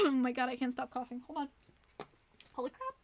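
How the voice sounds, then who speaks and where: Woman streamer, high bright-pitched voice, chatty and reactive, casual livestream host. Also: lively intonation. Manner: chatty, reacts to viewer chat with quick exclamations.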